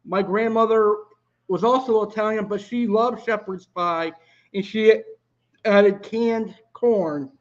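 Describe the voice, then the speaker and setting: A man's voice: sits high, fairly even intonation, slow pace, muffled recording. A man hosting a live cooking stream, chatting casually and answering viewer comments. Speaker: live cooking show host.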